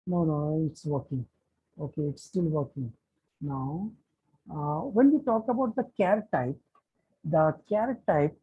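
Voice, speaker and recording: A man with an Indian accent teaching a live online class. He talks deliberately, repeats key terms and checks whether students can hear him. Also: a little high, husky, phone-quality sound. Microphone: computer mic on an online call.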